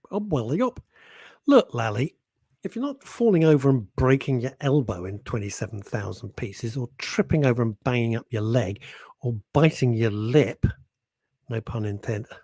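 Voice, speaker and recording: A man's voice: mid-range voice, animated, normal speed, warm tone, dry recording. A man hosting a casual radio show, chatting, teasing listeners and laughing often. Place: radio studio.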